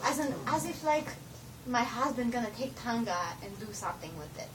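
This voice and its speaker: A woman's voice: on the high side, animated, fairly quick, close to an everyday voice. A young woman putting on a giggly foreign-accented persona in broken English, filmed at home. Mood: playful. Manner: broken grammar with stray "to the", giggly. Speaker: roommate. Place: home room. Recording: noisy home video from a distance.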